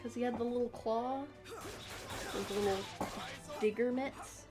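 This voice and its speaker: A woman's voice: on the high side, steady tone, measured pace. A young woman chatting casually while streaming a video game, rambling and easily sidetracked. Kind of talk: casual gaming chat. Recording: game music behind the voice.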